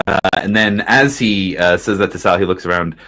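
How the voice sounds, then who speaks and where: Brief: very deep male game master, halting narration with lots of fillers. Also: bright, forceful tone. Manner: halting, many fillers, low-key.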